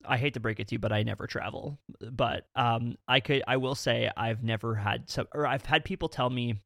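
A man hosting a casual podcast, talking with a blend of Eastern and Western Canadian accents. His voice has a gravelly rasp, recorded dry and close with no room sound. He rambles and restarts his sentences as he talks. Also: medium pitch, a little fast, fairly bright tone, no room sound. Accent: mixed Eastern and Western Canadian. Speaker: podcast host.

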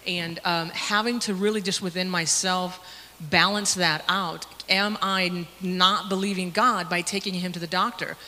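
A woman's voice: fairly low pitch, fairly even intonation, sharp tone. Emotional woman in a reverberant church. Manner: emotional, halting with many fillers. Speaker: church member sharing a testimony. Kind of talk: personal testimony in a Sunday school class. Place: church classroom. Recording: long hall reverb with faint noise.

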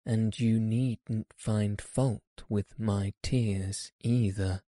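A man reads out a weepy little storybook girl who complains plaintively in a mellow voice. Her words come slowly, and the sound is dry and close. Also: lowish voice, fairly even intonation, no echo. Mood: sulky. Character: tearful, sulky young girl.

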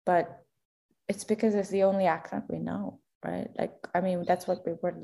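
A woman's voice: on the low side, flat delivery, moderate pace, creaky, dark tone. Chatty young woman, laughing podcast co-host. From Macau. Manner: chatty, laughs often, many fillers. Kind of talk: casual chat.

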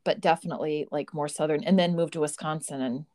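A relaxed American woman co-hosting a podcast, speaking in an easy conversational way with plenty of fillers. Her voice sits a little low for a woman. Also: fast talker. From United States. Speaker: podcast co-host. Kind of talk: casual chat.

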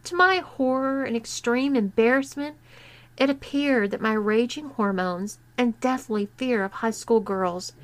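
Woman narrator for a first-person story. Slow, deliberate read, voice sits a little high. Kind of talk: scripted narration of an erotic story.

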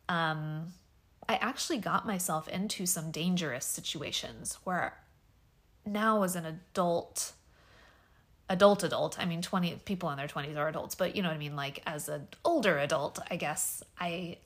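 Soft, hesitant woman, slightly low voice. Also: moderate pace. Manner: hesitant and soft-spoken, many fillers, trailing off at times. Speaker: podcast host. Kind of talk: casual personal podcast monologue. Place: home bedroom.

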